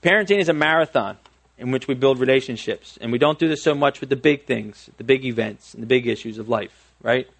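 A man's voice: medium pitch, a little fast, vocal fry. A man in his thirties preaching a conversational sermon on parenting, self-deprecating, with frequent restarts and friendly asides. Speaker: pastor.

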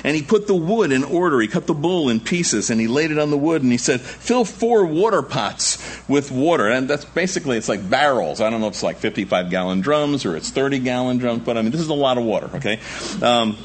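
A man preaching an expository sermon, reading scripture and adding conversational asides, sometimes jumping to high shouting voices to act out characters. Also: fairly quick, slightly rough. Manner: animated, acts out the Baal prophets in high shouting voices. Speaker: pastor.

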